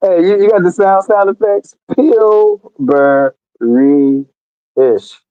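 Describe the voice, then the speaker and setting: A man's voice: sits high, flat delivery, fairly quick, dry recording. A man co-hosting a casual sports talk show, playful and jokey, heard over a phone line. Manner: playful, jokey, laughs often. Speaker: co-host. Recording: tinny phone-line sound.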